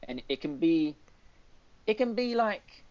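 A man's voice: high-pitched, sing-song, measured pace, a little mellow. Rambling male podcast co-host, lo-fi sound. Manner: rambling, filler-heavy retelling with many restarts. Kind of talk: casual chat. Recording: dull lo-fi podcast audio.

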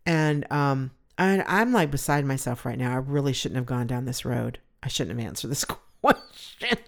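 A woman's voice: rumbling low, moderate pace, vocal fry. A middle-aged woman from California hosting a solo podcast, rambling and gushing with emotion about a favorite food. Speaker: podcast host. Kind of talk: casual solo podcast chat.

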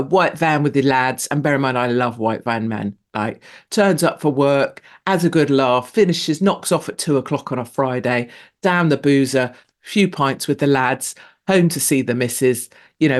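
A show host delivers a casual, rambling monologue, laughing often, her pitch leaping sharply upward for emphasis. Her voice is a little mellow.

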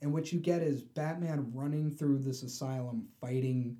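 Mellow-voiced man animatedly retelling a comic. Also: medium pitch, normal speed. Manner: animated storyteller, acts out the characters' voices. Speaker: podcast co-host. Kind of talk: casual chat, retelling a comic book.

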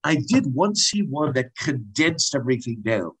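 A man's voice: medium pitch, moderate pace, breathy edge, low-quality recording. A man talking casually and animatedly about Greek drama, with a lot of restarts. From United States. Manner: animated, digressive, many restarts. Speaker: guest lecturer on Greek drama. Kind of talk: casual explanatory talk.

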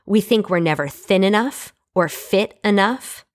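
A woman's voice: medium pitch, unhurried. A young adult woman teaching from the Bible in a casual, earnest, conversational way, with frequent fillers.

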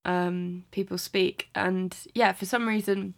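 A woman's voice: mid-range voice, steady tone, creaky. A young woman from New Zealand with an English accent and a faint Kiwi twang, chatting casually on a podcast, giggly and full of "like". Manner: quick, giggly, uses "like" a lot. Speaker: podcast co-host. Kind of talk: casual chat.

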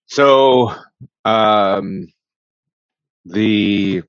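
A man co-hosting a casual chat, speaking slowly and haltingly. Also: on the low side, clean tone, dry recording. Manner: slow, halting. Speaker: podcast co-host. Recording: muffled, dull sound.

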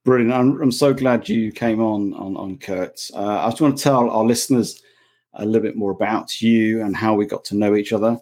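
A man hosting a podcast who introduces his guest and asks questions, halting often with fillers and restarts. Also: lowish voice, steady tone, a little mellow. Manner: hesitant, many fillers and restarts. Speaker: podcast host. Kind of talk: casual interview chat.

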